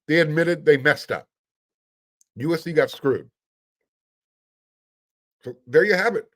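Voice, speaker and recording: A man's voice: a little high, a bit bright. A middle-aged man hosting a sports podcast, talking casually in an emphatic, sarcastic, fired-up way.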